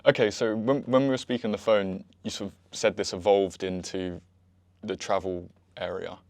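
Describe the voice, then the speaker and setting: A man hosting an interview, asking relaxed questions with a few hesitations. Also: lowish voice, normal speed, no room sound. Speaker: interviewer host.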